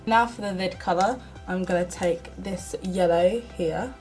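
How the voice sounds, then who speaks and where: A woman's voice: fairly low pitch, a little slow, a little mellow, soft background music, rough recording. A young woman from the UK chatting casually through a makeup tutorial, self-mocking and often half-muttering to herself. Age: young adult. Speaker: beauty vlogger.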